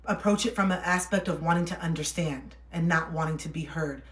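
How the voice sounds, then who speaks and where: A woman's voice: deep voice, a little fast. A young woman chatting casually on a livestream while reading cards for viewers, laughing often and soothing when she reassures. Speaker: livestream card reader. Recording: roomy echo.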